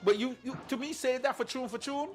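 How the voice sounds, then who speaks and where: A man co-hosting a casual talk show, opinionated and animated, often beatboxing rhythms to make his point. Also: very high voice, a little fast, faint music behind. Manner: animated, mimics rhythms with beatbox sounds, swears. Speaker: podcast co-host. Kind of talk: casual chat about sound clashes.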